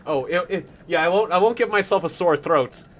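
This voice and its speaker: A man's voice: high-pitched, fairly quick, a bit bright. A man hosting a game live stream, chatting playfully with viewers and laughing often. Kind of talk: casual live stream chat.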